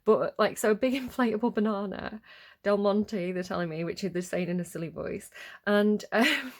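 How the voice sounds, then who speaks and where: A woman's voice: mid-range voice, moderate pace. Giggly woman reading tarot. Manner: giggly, playful and rambling. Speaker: tarot reader.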